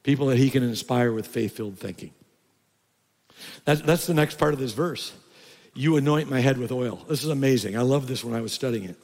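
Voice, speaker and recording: An older man preaching a sermon as a pastor, often rising to loud, high emphatic bursts. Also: fairly quick. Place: church sanctuary. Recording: reverberant church hall.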